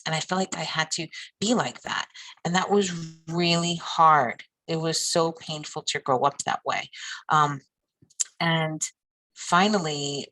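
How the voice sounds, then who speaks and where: A woman's voice: deep voice, bright, forceful tone, low-quality recording. A woman social worker talking heartfelt and personal in a candid interview.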